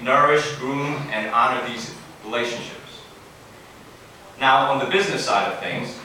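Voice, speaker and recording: A man's voice: medium pitch, bright, forceful tone, a little hiss or hum. Man giving an earnest keynote in an echoey hall. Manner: earnest, advising, with asides and self-corrections. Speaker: keynote speaker. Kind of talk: formal banquet speech. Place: large banquet hall. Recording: very echoey hall, distant mic, faint room ambience.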